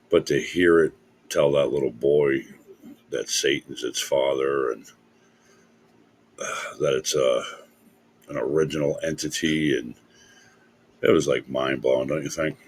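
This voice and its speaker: A man giving hushed, hesitant casual commentary. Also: very deep voice, steady tone, a little slow, pauses often, husky.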